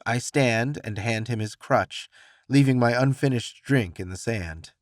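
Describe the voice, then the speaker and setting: A man narrating a first-person romance audiobook with expressive, reflective storytelling. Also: on the low side, measured pace, no echo, studio quality.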